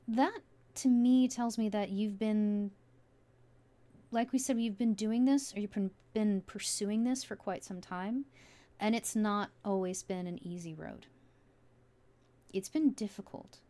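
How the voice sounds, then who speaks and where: A woman's voice: medium pitch, mellow. A woman giving a casual tarot reading, musing aloud with many fillers as she turns the cards. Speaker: tarot reader.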